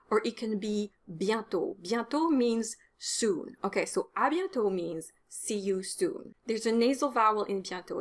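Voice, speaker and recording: A woman whose first language is French, teaching French words in a video lesson with a clear, explanatory delivery and casual asides. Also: mid-range voice.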